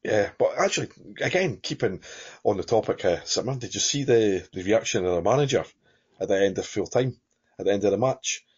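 A Scottish man with a low, husky voice talks through a football podcast. He rambles and circles back with fillers. The audio is dull and lo-fi. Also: expressive, brisk, darkish tone. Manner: rambling, many fillers and restarts, chuckling. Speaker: podcast co-host. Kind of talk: casual football chat.

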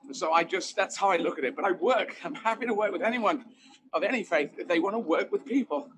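A man, a comedian, talking in an animated, emphatic way with rambling asides during an interview, apparently while out running. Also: high voice, fast talker, background noise. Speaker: guest comedian. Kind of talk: conversational interview.

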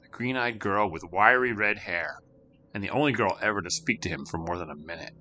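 A man's voice: on the low side, bright, forceful tone, slight background noise. A man narrating a spooky children's story with dramatic, shifting delivery.

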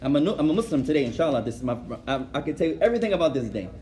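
A man giving a religious lecture, telling a story lively and acting out conversations, often adding Arabic phrases and laughing as he goes. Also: a little high, rapid-fire. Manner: animated, acts out dialogue, code-switches with Arabic phrases; laughs while telling stories. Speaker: Islamic teacher.

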